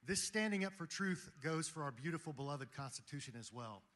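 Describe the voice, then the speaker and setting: A man's voice: a little high, lively intonation, brisk, a bit bright. A man giving an impassioned, preaching speech to a live audience at a Christian gathering. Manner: preaching, rhetorical, emphatic.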